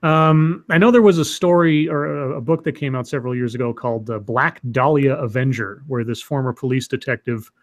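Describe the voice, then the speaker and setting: A man's voice: mid-range voice, a little fast, hardly any pauses. A man co-hosting a casual livestream, reading out viewer questions with many fillers and restarts.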